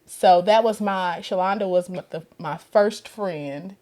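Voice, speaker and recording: A woman's voice: on the low side, measured pace. A woman telling a personal story in casual conversation, acting out the voices of other people with laughter. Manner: animated, acts out quoted voices with laughter. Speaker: guest.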